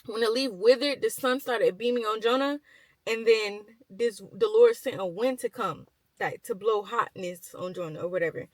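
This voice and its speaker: A woman's voice: on the high side, normal speed, no room sound, rough recording. Young woman vlogger, casual chatty storytelling, lots of um and like, dry close mic. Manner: chatty, full of fillers and slang. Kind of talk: casual retelling of a Bible story.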